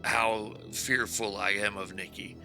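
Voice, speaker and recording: A man's voice: fairly low pitch, steady tone, unhurried, gravelly, bright, forceful tone, soft background music. A man playing a tabletop game who chats casually, stammers and swears. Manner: stammering, self-deprecating, swears. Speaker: player.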